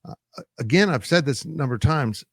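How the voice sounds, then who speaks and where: Measured male sports analyst. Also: mid-range voice, lively intonation, creaky, no echo, clean studio sound. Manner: measured, analytical, frequent fillers. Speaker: sports site publisher and analyst. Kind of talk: sports talk discussion.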